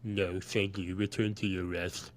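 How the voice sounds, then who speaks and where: A man's voice: deep voice, little pitch movement, measured pace, a little hiss or hum. A man voicing an aloof, fussy older male cat-folk scholar with a dry, impatient manner. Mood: dismissive.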